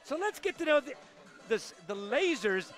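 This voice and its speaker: A man's voice: very high voice, very animated, moderate pace, fairly bright tone, faint music behind. A man doing play-by-play for a tennis broadcast, talking energetically and emphatically and sometimes restarting his sentences. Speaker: play-by-play commentator.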